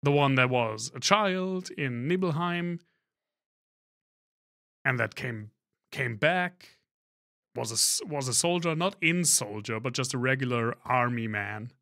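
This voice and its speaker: A man's voice: mid-range voice, unhurried, gravelly, long pauses, sharp tone. A man streaming a video game, talking casually and thinking aloud, often trailing off and restarting his sentences. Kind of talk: live-stream gameplay commentary.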